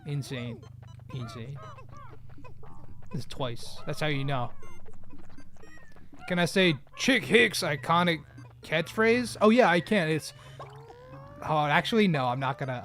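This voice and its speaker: A man's voice: on the high side, expressive, measured pace, long pauses, fairly bright tone, slight background noise. Joking man chatting on a live stream. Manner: rambling, joking, often laughing at himself. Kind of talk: casual live stream chat.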